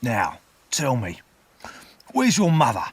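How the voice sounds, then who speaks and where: A man voicing a rough escaped convict who growls harsh threats and questions. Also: medium pitch, huge pitch swings, slow, no echo, full character voice. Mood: gruff questioning.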